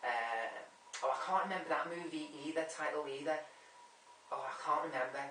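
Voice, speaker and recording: A man's voice: on the high side, moderate pace, bright, forceful tone, slight background noise. A man chatting casually about films, rambling and repeating himself as he forgets names. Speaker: movie vlogger ranking a top ten. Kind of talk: casual rambling film chat. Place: room at home. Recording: echoey room, mic at a distance.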